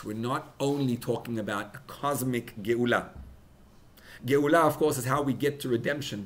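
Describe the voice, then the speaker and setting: A young rabbi preaching at a farbrengen, emotional, building to loud emphatic peaks and mixing in Hebrew and Yiddish words. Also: male voice, medium pitch. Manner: mixes in Hebrew and Yiddish terms. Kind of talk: sermon at a farbrengen gathering.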